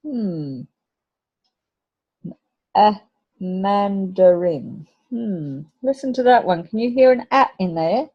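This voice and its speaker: A woman's voice: fairly high pitch, lively intonation, moderate pace, few pauses, husky, dull audio. A woman teacher giving a patient phonics lesson to young children, sounding out letters and words.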